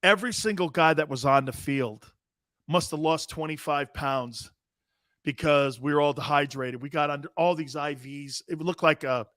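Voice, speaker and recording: A man's voice: on the high side, moderate pace, no room sound, clean studio sound. A man in his fifties hosting a sports talk show, telling boisterous, rambling anecdotes with emphatic restarts. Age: 50s. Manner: animated, emphatic storyteller.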